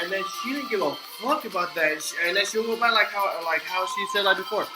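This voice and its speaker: Young man, high voice, frustrated profane rant, echoey room, music playing behind. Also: fast, few pauses. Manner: frustrated, profane, repeats and restarts a lot. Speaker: vlogger. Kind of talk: casual storytelling rant.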